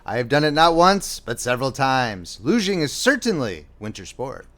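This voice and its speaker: A man's voice: medium pitch, big pitch swings, moderate pace, fairly bright tone. A man voicing a pompous, pedantic male Swiss official who insists on precise points.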